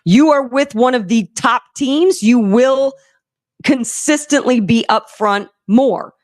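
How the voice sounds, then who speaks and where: A woman co-hosting a casual motorsports radio talk show, lively and agreeable. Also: a little high, slow, dry recording, clean studio sound.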